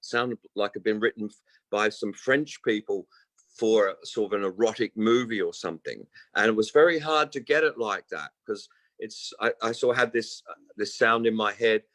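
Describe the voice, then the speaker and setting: A man's voice: fairly low pitch, normal speed, fairly bright tone, dry recording, rough recording. A man in his sixties, a guest musician telling long stories in casual interview chat and acting out the people he quotes. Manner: rambling storyteller who acts out quoted voices. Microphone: remote call.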